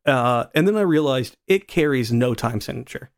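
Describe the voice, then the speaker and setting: A man with a middle-pitched voice co-hosts a podcast in relaxed, casual chat. He rambles, often restarts his sentences, and pokes fun at himself. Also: normal speed. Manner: rambling, self-deprecating, many restarts. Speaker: podcast co-host.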